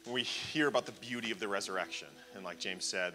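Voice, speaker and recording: Male worship leader, lowish voice, soft and inviting, live church recording with music underneath. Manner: gentle, inviting, unhurried. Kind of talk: worship prayer lead-in.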